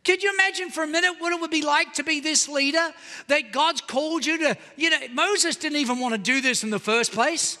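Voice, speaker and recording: Male pastor preaching with a piercingly bright voice, lively and pleading. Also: very high-pitched, fairly quick, big-room sound. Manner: animated preaching, calls out to the congregation. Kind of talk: sermon. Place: church auditorium.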